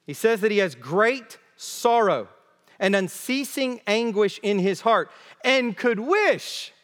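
A high-voiced man delivers an expository sermon at a slow, deliberate pace. He is emphatic and repeats key phrases for weight. His voice carries a long reverb, as if he is in a large hall. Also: expressive, fairly bright tone. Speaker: preacher.

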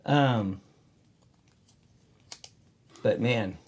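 A man's voice: mid-range voice, extremely slow, breathy edge. A man, owner of a tattoo shop, telling stories in casual chat, swearing freely and acting out the voices of people he quotes. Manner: animated storyteller, acts out quoted voices; swears freely, many fillers.

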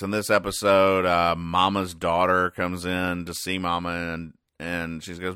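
A man hosting a podcast, recapping comic strips in a dry, sarcastic, deadpan way. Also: sits low, moderate pace, clear, resonant tone, no echo. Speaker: podcast host.

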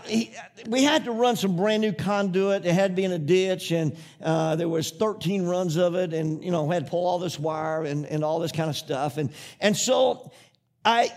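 High-voiced preacher. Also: male voice. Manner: rambling storyteller, building to emphatic repetitive preaching. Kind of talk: sermon.

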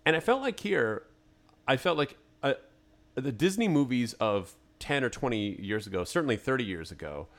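A man's voice: mid-range voice, big pitch swings, moderate pace. A man co-hosting a podcast in a studio, thinking aloud and arguing his take on a film in casual chat. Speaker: podcast co-host. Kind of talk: casual movie review chat.

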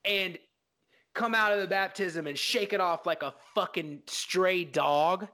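A man with a fairly high voice co-hosts a casual film podcast. He talks in an animated way, swears freely and slips into short acted-out bits from scenes. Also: measured pace. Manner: animated, profane, acts out scenes. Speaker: podcast co-host.

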